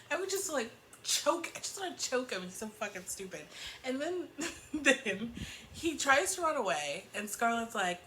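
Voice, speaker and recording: A woman's voice: a little high, big pitch swings, moderate pace, sharp tone, a little hiss or hum, poor audio. A woman giving a casual recap review of a TV episode, exasperated, profane and laughing often. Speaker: book and TV reviewer.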